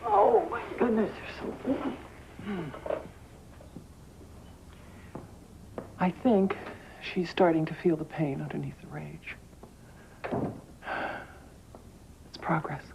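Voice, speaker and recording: An actress playing a firm, relentless therapist who pushes insistently and then softens to hushed reassurance. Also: female voice, on the low side, animated, normal speed, vocal fry, background noise. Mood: hushed, tender. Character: firm, relentless female therapist, middle-aged. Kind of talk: film drama acting.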